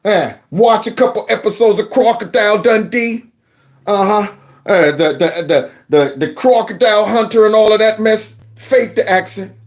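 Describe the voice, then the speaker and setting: A man hosting casual political commentary, mocking and animated, with many fillers and restarts. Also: high voice, moderate pace.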